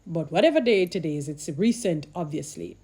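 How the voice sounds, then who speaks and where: A woman talking casually to camera in a warm, fairly low voice. She rambles and restarts, turns aside to her viewers, and drops in dry, sarcastic humor. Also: animated, normal speed, husky. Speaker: vlogger.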